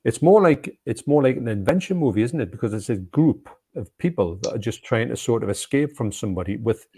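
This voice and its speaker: A man, co-hosting a casual film chat, enthusiastic and quick to laugh, often restarting his sentences. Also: medium pitch, lively intonation, warm tone, slightly rough. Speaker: co-host.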